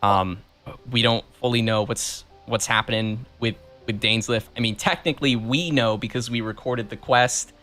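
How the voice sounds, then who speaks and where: A man's voice: mid-range voice, steady tone, normal speed, pushed and bright. A laughing, rambling man talks over his gameplay, tripping over his own words. His voice sits in the middle range. Faint game music runs beneath him. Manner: giggly, rambling, self-interrupting. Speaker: voice actor playing his game. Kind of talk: casual let's-play chat.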